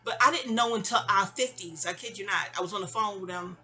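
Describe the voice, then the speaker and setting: A woman in her fifties telling a long, rambling personal story, animated and digressive, with frequent exclamations. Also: mid-range voice, quick pace. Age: 50s. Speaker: vlogger.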